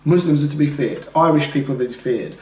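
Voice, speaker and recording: A man co-hosting a casual podcast conversation, animated and full of restarts, slipping into quoted voices. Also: on the high side, fast talker. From Britain. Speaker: podcast co-host. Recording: roomy, somewhat distant mic.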